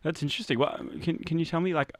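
A man hosting a radio interview, asking measured, curious questions. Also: a little high, steady tone, no room sound. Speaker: radio host.

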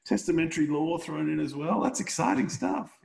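A man's voice: fairly high pitch, brisk, vocal fry, darkish tone. A man co-hosting a podcast, chatting casually and reacting with enthusiasm and easy laughs. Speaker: podcast co-host. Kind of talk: casual chat.

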